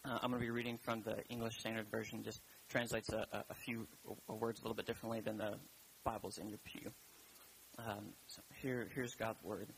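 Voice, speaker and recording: A man's voice: lowish voice, flat delivery, fairly quick, a little hiss or hum, low-quality recording. A man preaching a sermon in a church, casual and rambling, with many fillers and restarts.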